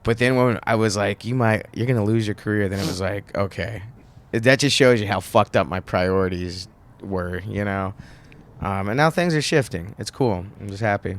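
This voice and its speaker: A man's voice: on the low side, normal speed. A man, a comedian and actor, chatting loosely on a podcast, swearing and laughing often. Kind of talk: casual podcast chat.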